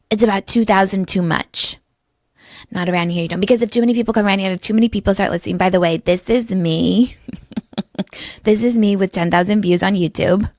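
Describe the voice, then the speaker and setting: A woman hosting her own podcast, delivering a cynical, deadpan monologue with biting sarcasm. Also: medium pitch, no echo, studio quality. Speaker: podcast host.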